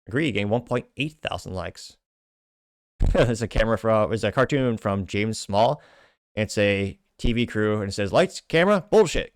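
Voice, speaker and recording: A man's voice: fairly low pitch, no echo, studio quality. Wry man hosting a commentary show. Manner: wry, joking asides. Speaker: host. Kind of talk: casual commentary reading social media comments.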